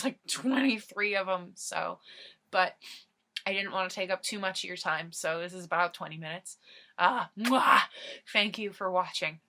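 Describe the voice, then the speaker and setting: A young woman ad-libbing a comic story for her video, rambling along with giggles and fillers. Her voice is bright and clear, and her pace is slow and loose. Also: medium pitch. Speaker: comedy video host.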